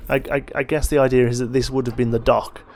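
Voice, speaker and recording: Tired, gravelly man narrating gameplay. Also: mid-range voice, fast. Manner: thinking aloud, relaxed and chatty. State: tired, yawning. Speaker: let's play host. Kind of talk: casual gameplay commentary.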